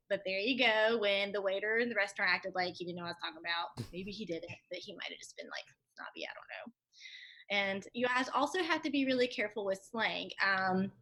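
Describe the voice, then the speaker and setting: A young woman, a Spanish teacher, chatting casually as an interview guest and telling lively stories. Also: fairly high pitch. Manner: chatty, animated storytelling with fillers.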